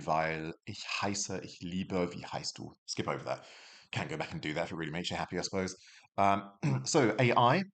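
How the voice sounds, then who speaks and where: A man's voice: deep voice, fairly bright tone. A young man teaching a beginner German lesson in a chatty, self-deprecating way, full of rambling asides. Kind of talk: casual self-recorded language lesson.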